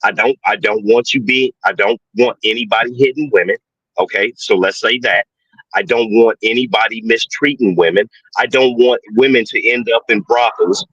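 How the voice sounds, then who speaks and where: A man's voice: on the low side, normal speed, husky, no room sound. A man calling into a show who tells a crude story with lots of swearing and laughter. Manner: animated, profane, laughs at his own story. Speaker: caller. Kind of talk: casual storytelling on a call-in show. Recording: dull, dry, lo-fi call audio.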